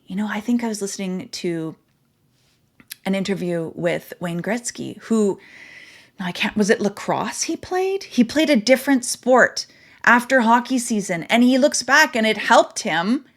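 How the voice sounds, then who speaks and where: A middle-aged woman, a parenting coach, talking earnestly and emphatically to her viewers in a casual, conversational way. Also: a little high. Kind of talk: casual direct-to-camera talk.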